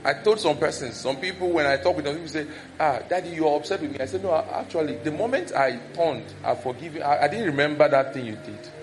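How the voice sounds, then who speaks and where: Quick and with few pauses, a man's voice on the high side preaches over music. The Nigerian-accented pastor gets animated, performing scolding and village gossip in a raised voice.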